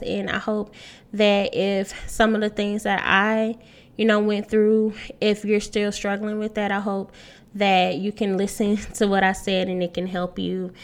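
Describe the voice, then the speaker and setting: A woman's voice: mid-range voice, creaky. A thirty-year-old woman hosting a solo podcast, talking in a casual, earnest way and laughing often. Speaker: podcast host.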